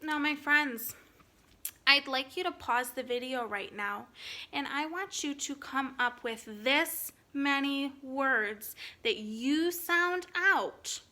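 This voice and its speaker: A woman teaching a recorded phonics lesson to kindergartners, speaking slowly and clearly in an encouraging way. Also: high voice, bright, forceful tone. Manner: slow, clear, encouraging teacher talk to young children.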